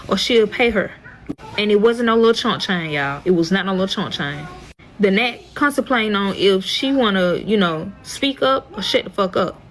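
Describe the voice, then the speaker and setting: A woman's voice: mid-range voice, a bit bright, low-quality recording. A young woman telling a storytime in a profane, exasperated, dramatic way. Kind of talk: storytime vlog.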